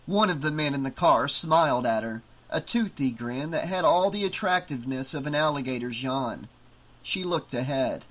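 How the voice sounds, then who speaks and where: A man narrating a horror novel as an audiobook in a slow, expressive reading. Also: on the high side.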